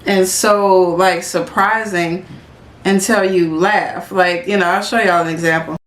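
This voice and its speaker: A female podcast co-host chats casually, telling stories packed with fillers and retold quotes. Her voice is lowish and steady with a measured pace, and the recording has a roomy echo.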